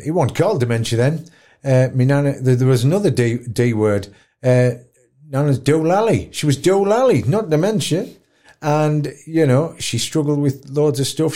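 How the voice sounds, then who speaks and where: A man tells his stories as an interview guest, blunt and chatty. His husky, mellow voice rises and falls a lot as he gets into an anecdote. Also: mid-range voice. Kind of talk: animated storytelling in an interview.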